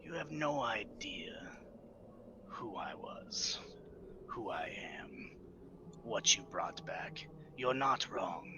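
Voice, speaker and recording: Brief: man playing a hushed, brooding revived warrior, mid pitch, home mic with a lot of hiss. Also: unhurried, dull audio, lightly acted. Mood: grim. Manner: low, hushed and menacing. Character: grim male warrior brought back from death.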